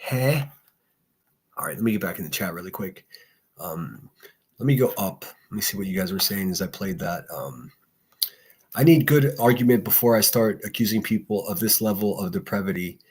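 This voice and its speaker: A lowish, husky male voice talks loosely into a desk mic on a solo morning stream. He rambles, swears freely and reacts to viewer comments with blunt opinions. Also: expressive, moderate pace. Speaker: livestream host. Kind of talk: casual solo commentary reading chat.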